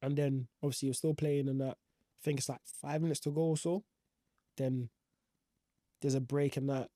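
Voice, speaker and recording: A man's voice: medium pitch, flat delivery, moderate pace, dark tone, no echo, clean studio sound. A young man, recounting his football career in slangy, rambling casual talk full of fillers. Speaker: professional footballer guest. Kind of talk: casual storytelling.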